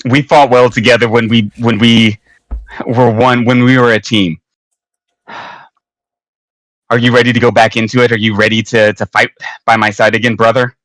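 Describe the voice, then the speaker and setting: A man's voice: mid-range voice, flat delivery, a little fast, a bit bright, no echo, poor audio. A man playing a tabletop role-playing game, speaking earnestly and dramatically in character. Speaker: player.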